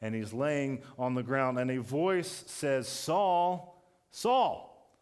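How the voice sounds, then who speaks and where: A pastor giving a sermon, telling a story in a conversational way that builds to emphatic peaks. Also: male voice, medium pitch, unhurried, clean tone.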